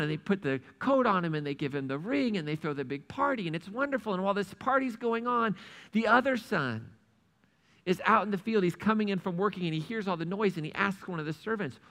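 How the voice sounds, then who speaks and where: A man preaching a sermon, retelling a parable with lively acted-out dialogue. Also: sits high, normal speed. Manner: animated storytelling, acts out the characters' lines. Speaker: pastor.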